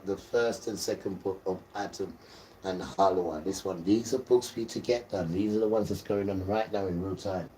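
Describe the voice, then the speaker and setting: A man's voice: low voice, darkish tone, recorded from a distance. A man giving a rambling, preachy religious talk on a live stream and calling his viewers guys. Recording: roomy sound from away from the mic, faint noise.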